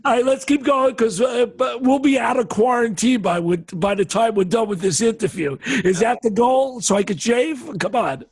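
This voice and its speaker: Man, host, high voice, husky, jokey, animated storyteller. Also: normal speed, few pauses, dry recording, clean studio sound. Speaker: interview host, fellow musician. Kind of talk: casual video interview.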